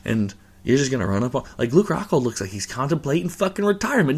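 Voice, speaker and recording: A man's voice: mid-range voice, sing-song, fast talker, husky. A male host giving a casual reaction rant about a fight, rambling and swearing with lots of fillers and restarts.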